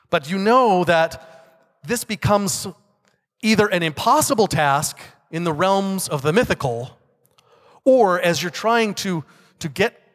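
A man's voice: fairly high pitch, a bit bright, long reverb tail. A man giving a conference talk in a conversational manner, often asking rhetorical questions. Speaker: conference speaker. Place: conference hall.

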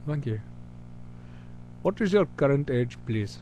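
Slow, hesitant young man rambling. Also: mid-range voice, expressive, mellow, slight background noise. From United States. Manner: rambling, hesitant, full of pauses. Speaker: channel host answering questions. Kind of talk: casual recorded chat.

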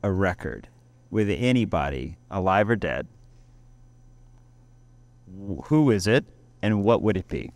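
A man with a lowish voice interviews his guests, asking brief questions and giving short reactions. The recording is dry, with no room echo. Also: big pitch swings, unhurried, pauses often, darkish tone.

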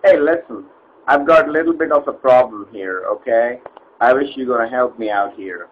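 A man's voice: mid-range voice, normal speed, highs cut off, a little hiss or hum, close to an everyday voice. A man voicing an impatient, rude male customer in a comedy sketch, exasperated and blunt, spelling letters out insistently.

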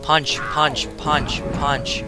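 A man's voice: a little high, fairly even intonation, very slow. A teenage man giving jokey, rambling let's play commentary on a headset, swearing at the game. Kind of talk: casual gameplay commentary. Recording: game music playing behind.

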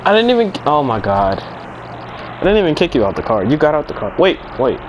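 A man's voice: on the high side, big pitch swings, normal speed, background noise. A man playing a driver in an improvised game skit, exasperated and profane, muttering to himself. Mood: scolding.

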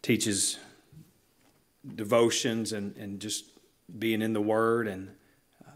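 A man's voice: medium pitch, fairly bright tone. Earnest male preacher. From Southern United States. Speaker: pastor. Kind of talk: sermon. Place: church sanctuary.

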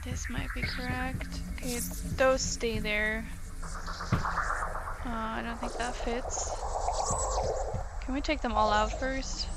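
A woman's voice: a little high, steady tone, takes it slowly, long pauses, background noise. A woman giving outspoken, emotional commentary while playing a video game, swearing freely. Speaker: let's play gamer. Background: game music.

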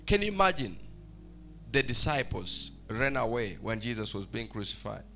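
A man preaching a fervent church sermon, swinging between shouted, sing-song lines and hushed, quiet ones. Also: medium pitch, sing-song, moderate pace, vocal fry, soft background music. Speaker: pastor. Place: church service.

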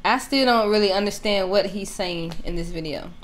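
A woman's voice: mid-range voice, moderate pace. A woman co-hosting a reaction video, making blunt, short remarks in casual chat.

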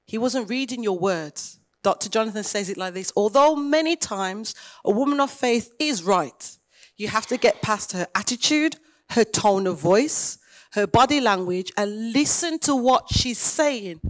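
A woman pastor, preaching a sermon in a conversational way and retelling dialogue with lively emphasis. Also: fairly high pitch, a little slow.

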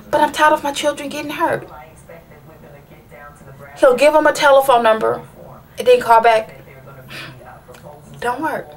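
A woman's voice: high voice, level tone, a little slow, long pauses. A mother venting in a personal vlog, rambling and frustrated, with many restarts as she asks viewers for advice.

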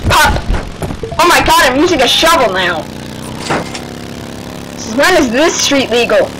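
A woman commentating her own gameplay, excitable and yelling at the game. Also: high-pitched, unhurried, heavy background noise. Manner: excitable, shrieks and yells at the game. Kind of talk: let's play commentary. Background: game music.

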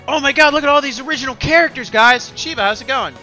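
A man giving loud, excitable let's-play commentary, gasping and cracking crude sarcastic jokes, with game music faintly behind. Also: very high-pitched, a little fast. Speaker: gaming streamer.

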